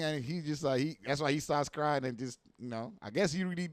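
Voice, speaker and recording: A man giving casual reaction commentary, animated and profane, full of slang and repeated asides like "you know what I mean.". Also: fairly high pitch, a little fast, few pauses, dry recording.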